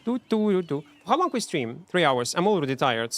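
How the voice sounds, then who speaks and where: A man's voice: fairly high pitch, big pitch swings, brisk, fairly bright tone, no echo. A man streaming a game, chatting casually and mocking himself, answering chat and humming between plays, in non-native English. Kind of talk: casual live-stream chat while playing.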